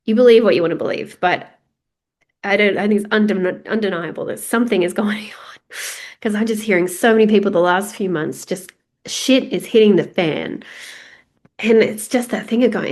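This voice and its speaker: A woman's voice: medium pitch, normal speed, darkish tone. A middle-aged Australian woman hosting a podcast, talking candidly and chattily in a solo reflective monologue with laughs and restarts. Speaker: podcast host. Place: house, on her own.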